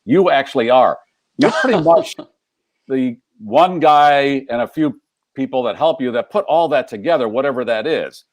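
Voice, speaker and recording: An older host from the United States talks in a joking, playful way and slips in puns as he interviews his guest. His voice is at a middle pitch and sounds close and dry, with no room echo at all. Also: expressive, normal speed. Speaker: talk show host. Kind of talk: casual interview chat.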